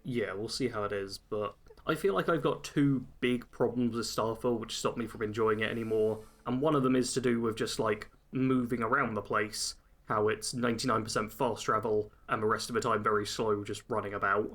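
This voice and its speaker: A man's voice: fairly low pitch, fairly even intonation, brisk, hardly any pauses, fairly bright tone. A man co-hosting a casual gaming podcast, chatting in a wry, joking manner. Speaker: podcast co-host.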